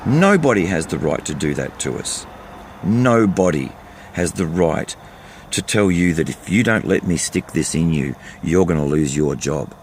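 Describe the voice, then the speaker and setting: Older Aussie bloke, gravelly and fired-up, blunt rant from his vehicle. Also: fairly low pitch, a little mellow, a little hiss or hum. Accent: Australian. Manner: fired-up, ranting, blunt and repetitive. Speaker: vlogger. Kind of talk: impassioned monologue to camera.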